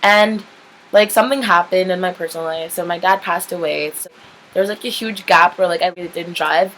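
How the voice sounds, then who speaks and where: A woman's voice: lowish voice, fairly quick, fairly bright tone, a little hiss or hum, poor audio. A young woman vlogger telling a story in a casual, rambling way, saying "like" constantly and swearing freely. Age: young adult. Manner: chatty, rambling, heavy use of "like", candid swearing.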